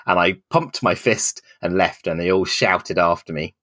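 Recorded dry, a man in his forties speaks in a low voice at a moderate pace while co-hosting a laid-back podcast. His long story comes out wry and deadpan, and he voices the people he quotes at full volume.

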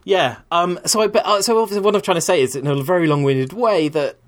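A man's voice: high voice, fast. A man in his thirties, a rambling and candid storyteller in casual conversation on a podcast.

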